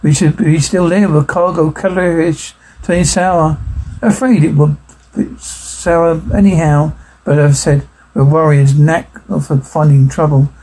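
A man's voice: a little high, steady tone, a little slow, mellow, poor audio. A man reading a grim worried ship officer.

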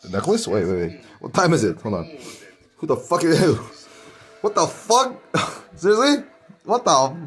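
A man rambling in a casual vlog, excitable and profane, laughing often. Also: a little high, normal speed, pauses often, faint music behind.

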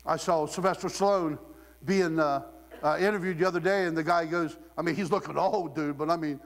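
A man delivers a sermon in a loose, joking way, laughing as he goes. His voice sits a little high. The sound rings with the long reverb of a large hall. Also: fairly even intonation, fairly quick. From Ohio. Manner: humorous, conversational, laughing often. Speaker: preacher.

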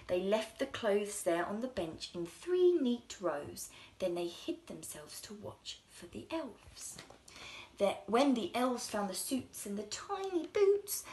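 A woman reading a children's story aloud in an expressive, sing-song way, dropping into soft whispers at times. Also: fairly high pitch, slight background noise.

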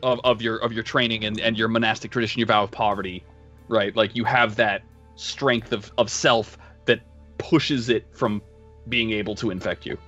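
A man runs a tabletop game, describing scenes in loose, conversational narration. His voice is bright and a little pressed. Faint music plays behind him. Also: lowish voice, steady tone, moderate pace, dull audio. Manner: casual, conversational narration with restarts. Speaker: game master.

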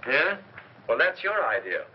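A man's voice: on the high side, sing-song, a little slow, highs cut off, slight background noise. An actor playing a cocky, dry-witted man in 1930s film style, on an old soundtrack. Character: cocky wisecracking man, sweet on heroine.

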